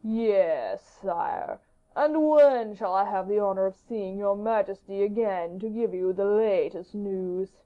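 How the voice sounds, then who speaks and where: Woman playing a smooth male courtier, slow and fawning, storybook reading, dull lo-fi sound. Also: medium pitch, natural voice. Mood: deferential. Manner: slow, measured, deferential. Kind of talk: audiobook character reading. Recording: dull lo-fi audiobook recording.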